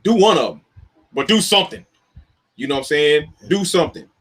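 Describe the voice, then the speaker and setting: A man co-hosting a casual talk show, hammering his points with heavy stress on single words. His voice is husky and a little rough. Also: fairly high pitch, sing-song, brisk, a bit bright. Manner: emphatic, lectures with stressed words. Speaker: podcast co-host. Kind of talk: casual chat.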